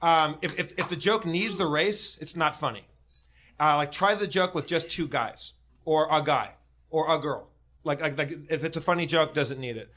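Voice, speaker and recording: A man telling jokes and stories on a comedy podcast, halting with many fillers. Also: a little high, a bit bright. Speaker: comedian guest. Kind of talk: casual comedy podcast chat.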